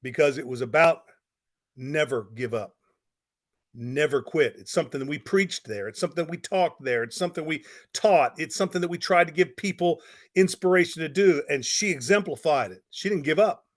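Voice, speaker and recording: A man's voice: on the high side, normal speed. A middle-aged man telling a motivational story in a folksy, emphatic way, with lots of repetition. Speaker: speaker on network marketing.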